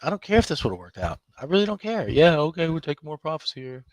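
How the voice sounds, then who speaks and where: A man's voice: fairly high pitch, very animated, fast. A man hosting a live trading room, talking emphatically to his viewers, scolding them and laughing often.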